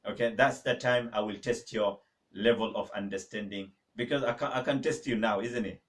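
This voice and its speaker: A man teaching an online Arabic lesson, drilling words slowly with students and urging them to practise. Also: on the low side. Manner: emphatic, exhorting. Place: mosque teaching room. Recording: voice a little far from the mic.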